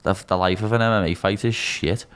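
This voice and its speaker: A man's voice: lowish voice, steady tone, a little fast, fairly bright tone, clear, resonant tone. A man in his twenties with a Liverpool accent, a podcast guest chatting bluntly and swearing freely. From Liverpool, England. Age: 20s. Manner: blunt and sweary, calls people "lad". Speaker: podcast guest, mixed martial arts fighter. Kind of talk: casual chat.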